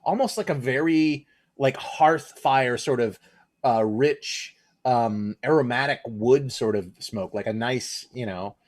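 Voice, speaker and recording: A man's voice: medium pitch, takes it slowly, a little mellow. A man chatting playfully at a whisky tasting, joking and describing flavors. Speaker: guest, actor. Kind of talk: casual tasting chat.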